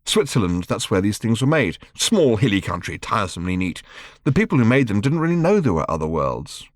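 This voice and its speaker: A man's voice: on the low side, big pitch swings, brisk, dry recording, studio quality. A man voicing a mild, bewildered middle-aged father who explains things hesitantly and gets flustered. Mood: patient.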